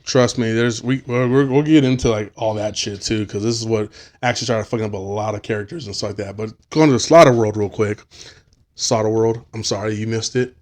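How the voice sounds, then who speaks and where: Animated man telling stories. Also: on the low side, brisk. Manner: animated storytelling, acting out quotes, swearing freely. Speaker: podcast host. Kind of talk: casual podcast chat.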